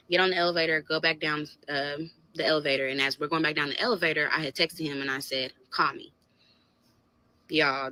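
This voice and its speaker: A woman casually telling a dating story in an animated, conversational way. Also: deep voice, dry recording.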